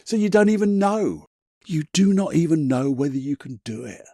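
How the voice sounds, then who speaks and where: Chatty man with a husky voice. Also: a little high, lively intonation, moderate pace, dark tone, dry recording, studio quality. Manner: chatty, emphatic, swears casually, laughs at himself. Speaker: podcast host. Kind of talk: solo motivational podcast monologue.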